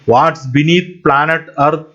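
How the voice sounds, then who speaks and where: A man's voice: a little high, fairly even intonation, takes it slowly, fairly bright tone. A man hosting his own channel, rambling in a casual monologue with frequent little laughs and constant asides to his viewers, speaking English as a non-native speaker. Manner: rambling, often laughs mid-sentence, keeps addressing viewers as guys. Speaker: channel host. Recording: dull lo-fi audio.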